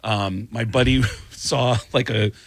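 Male guest, husky storyteller, animated, dry booth sound. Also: mid-range voice, slow pace, no echo. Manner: animated storyteller acting out voices. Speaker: touring comedian guest. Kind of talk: casual storytelling chat.

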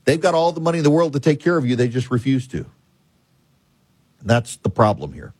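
A man's voice: medium pitch, very animated, a little fast, darkish tone, husky, no room sound. A man delivering an emphatic political monologue as a commentator host, repeating and listing points with frequent restarts.

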